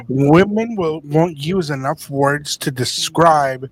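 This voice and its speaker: A man's voice: on the high side, unhurried. A man co-hosting a casual podcast conversation, joking and acting out both sides of everyday arguments.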